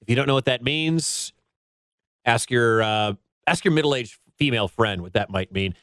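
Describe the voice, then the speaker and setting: A man's voice: medium pitch, moderate pace, fairly bright tone, no echo. A man hosting a radio sports show, introducing his guest in a chatty, joking way.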